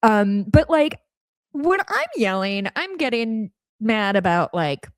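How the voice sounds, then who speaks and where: A woman hosting a podcast interview, blunt and outspoken, calling herself a yeller. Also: fairly high pitch, big pitch swings, takes it slowly, no room sound. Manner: blunt, self-described yeller, casual swearing. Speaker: podcast host. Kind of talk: conversational interview.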